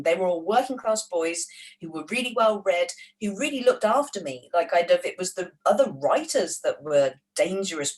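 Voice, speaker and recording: A middle-aged English woman, with a softened Wolverhampton accent, telling stories in an interview on a video call, energetic and full of comic asides. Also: fairly low pitch, rough recording. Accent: English, Wolverhampton edges softened by London. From England. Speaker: author and screenwriter. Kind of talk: animated interview answers.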